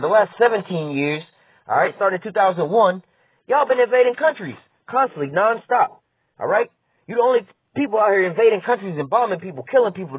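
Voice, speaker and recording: A man's voice: high-pitched, husky, dry recording. A man giving a heated, profane political rant. He reads news lines aloud and argues back at them. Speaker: political commentator. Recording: tinny phone-like dry audio.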